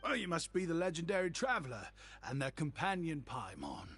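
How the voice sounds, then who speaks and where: An actor with an English accent playing an eager, humble young shopkeeper with flowery, overly polite speech. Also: male voice, on the high side, huge pitch swings, brisk, a bit bright, full character voice. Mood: flattering. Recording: game audio with faint music behind.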